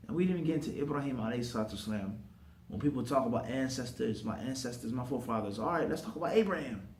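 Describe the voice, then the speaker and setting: A man giving a sermon to a congregation in a mosque, often asking the listeners questions and pausing for them to answer. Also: mid-range voice. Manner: call-and-response questions to the congregation. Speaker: imam giving a talk. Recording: roomy echo.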